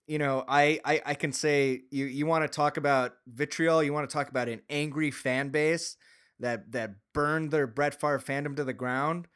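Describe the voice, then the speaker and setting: A man's voice: on the high side, fairly even intonation, moderate pace, fairly bright tone, smooth. A man from Green Bay co-hosting a podcast, ranting about sports in a casual, rambling way, full of restarts, and rising into heated outbursts. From Green Bay, Wisconsin. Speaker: podcast co-host. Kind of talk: casual sports talk rant.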